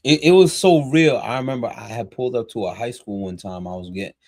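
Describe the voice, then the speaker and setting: A man's voice: mid-range voice, fairly quick, a little mellow, no echo, studio quality. A man co-hosting a podcast who also coaches workshops, speaking in a reflective, casual way with frequent brief affirmations. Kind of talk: casual conversation.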